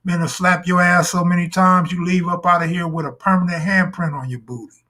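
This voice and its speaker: A man's voice: high voice, steady tone, fairly quick, sharp tone. A man hosting a live stream in casual talk, full of crude, boastful joking banter.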